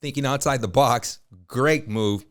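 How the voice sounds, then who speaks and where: A man's voice: medium pitch, unhurried. A man in his fifties, a realtor, telling colloquial anecdotes as a podcast guest. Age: 50s. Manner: lively anecdotal storyteller, colloquial, with frequent fillers. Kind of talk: storytelling in a podcast interview.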